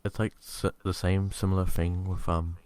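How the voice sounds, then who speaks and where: A man's voice: low voice, flat delivery, moderate pace, a little mellow, clean tone. A young man, co-hosting a podcast in rambling, laid-back casual chat full of fillers and slang. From New Zealand. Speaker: podcast co-host.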